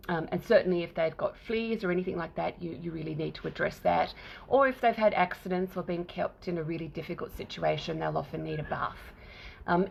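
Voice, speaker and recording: A middle-aged Australian woman with a fairly low, gravelly, darkish voice hosts a cat rescue livestream from her home. She chats casually and at length about the kittens, rambling and slipping into fond baby talk with them. The sound is lo-fi.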